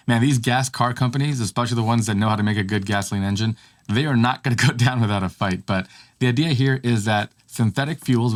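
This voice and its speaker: A man co-hosting a casual tech podcast, easygoing and thinking aloud with frequent restarts. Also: lowish voice. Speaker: podcast co-host.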